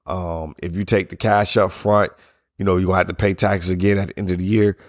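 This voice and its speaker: Middle-aged male podcast host, low hoarse voice, blunt casual opinions, close dry mic. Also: flat delivery, fairly quick, no room sound. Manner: blunt, opinionated, loose and conversational; yawning between sentences. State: hoarse, strained voice from yelling. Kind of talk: casual solo podcast monologue.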